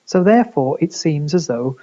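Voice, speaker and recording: A man's voice: fairly high pitch, animated, normal speed, warm tone, muffled recording. A man giving a recorded university lecture, explaining step by step with rhetorical questions and the odd filler.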